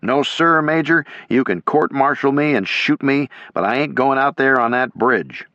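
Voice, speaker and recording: Man playing a scared young soldier, defiant, pushed up in pitch, dry close sound. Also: expressive, normal speed, sharp tone, dry recording. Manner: protesting, defiant. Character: frightened young male soldier refusing orders. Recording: dull lo-fi.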